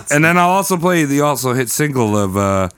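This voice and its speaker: A man's voice: fairly high pitch, animated, a little slow, fairly bright tone, clear, resonant tone, no room sound, clean studio sound. A man co-hosting a comedy podcast, drunk and sleepy, joking crudely in a goofy sing-song way. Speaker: podcast co-host. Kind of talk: casual drunk banter.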